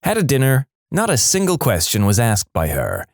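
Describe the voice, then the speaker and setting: Lively male reddit story narrator. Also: medium pitch, normal speed, dry recording, clean studio sound. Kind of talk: reading reddit stories aloud.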